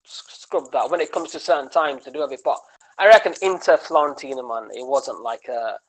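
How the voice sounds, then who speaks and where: A man, a comedian guesting on a podcast, telling animated, rambling stories in casual chat and tagging his lines with "man" and "right?". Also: medium pitch, brisk, rough recording. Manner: animated storytelling, rambling with many restarts.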